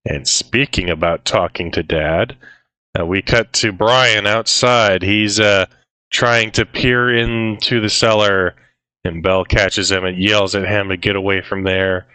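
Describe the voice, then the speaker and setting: A man's voice: lowish voice, steady tone, measured pace, sharp tone, smooth, dry recording, rough recording. A man co-hosting a casual film discussion, recapping scenes in a laid-back way with frequent fillers and quoted lines. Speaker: podcast co-host.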